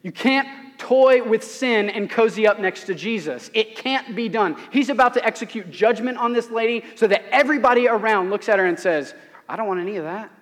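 A man with a high-pitched voice delivers a sermon from a church sanctuary. He speaks earnestly and with emphasis, asking rhetorical questions of his listeners. A long reverb hangs on every phrase. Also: normal speed, few pauses. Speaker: pastor.

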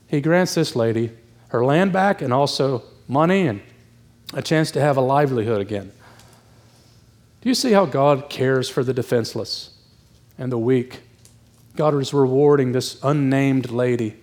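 A man's voice: mid-range voice, normal speed, long pauses, darkish tone. A middle-aged man preaching a sermon, out of breath, talking in a conversational and emphatic way and acting out the people in the story. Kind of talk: expository sermon.

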